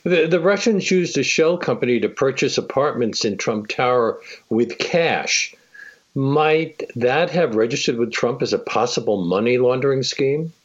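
Measured male radio interviewer, muffled sound. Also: mid-range voice, expressive, slightly rough.

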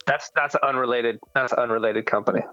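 A man's voice: medium pitch, fairly even intonation, quick pace, sharp tone, dry recording, faint music behind. A man hosting a podcast in casual chat, laid-back and rambling, full of fillers. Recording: dull lo-fi sound.

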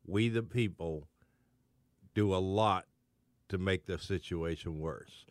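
A man's voice: low voice, slow pace, dry recording. A man co-hosting a casual radio talk show, explaining things with a touch of sarcasm. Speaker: radio co-host. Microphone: studio microphone.

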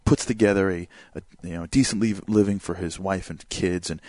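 A man giving a motivational talk. He speaks in an animated way, fills his speech with "like" and "you know", and keeps asking rhetorical questions. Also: low-pitched, a little fast, dry recording. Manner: animated, asks rhetorical questions and acts out examples; many fillers such as "like" and "you know".

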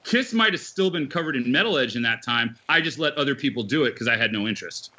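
A man's voice: medium pitch, lively intonation, quick pace, sharp tone, dull audio. A man guesting on a podcast, a former magazine editor and band manager, telling stories bluntly and emphatically with many restarts. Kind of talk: casual storytelling chat.

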